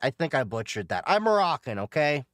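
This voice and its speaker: A male streamer chats casually with his viewers, cracking jokes as he goes. His pitch swings a lot, up and down. The sound is dry and close, with no room echo. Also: big pitch swings, fairly quick, a bit bright. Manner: joking, chatty, answers viewers and laughs often. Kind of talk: casual live-stream chat while gaming.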